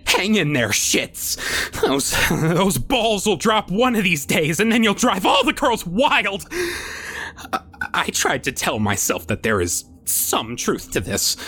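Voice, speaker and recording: A young man narrating a first-person horror story with a wry, nervous edge. He stammers and restarts often, and his pitch swings widely from low mutters to high yelps. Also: pushed and bright, slightly rough. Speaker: narrator, voice performer.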